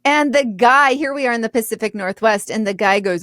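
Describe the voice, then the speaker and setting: Lively, laughing female podcast co-host. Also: on the high side, a little fast, no echo, studio quality. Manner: animated, laughing storyteller. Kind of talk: casual podcast chat.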